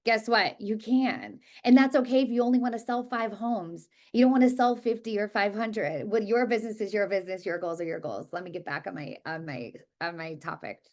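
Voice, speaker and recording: A woman teaching a real estate class, talking quickly and emphatically and repeating words for stress. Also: mid-range voice. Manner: talks quickly. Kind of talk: live class presentation.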